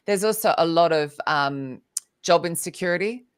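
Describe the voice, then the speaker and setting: A woman's voice: fairly low pitch, normal speed, clean tone. A woman author speaking as a podcast guest, chatting animatedly and laughing often as she acts out what people said. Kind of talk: casual podcast conversation. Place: lives in the UK.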